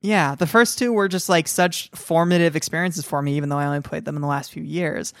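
Animated woman with a dry close sound. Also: sits low, a little fast, dry recording. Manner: animated, rambling, laughs often. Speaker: podcast co-host. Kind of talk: casual chat about video games.

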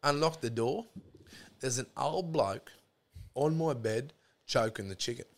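A man with an Australian accent tells a crude story in loose, profane chat. He jumps into the voices of the people in it as he goes. His pitch sits at an ordinary middle height. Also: a little slow. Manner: crude, profane yarn-spinning, acts out both sides of remembered arguments. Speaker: podcast guest.

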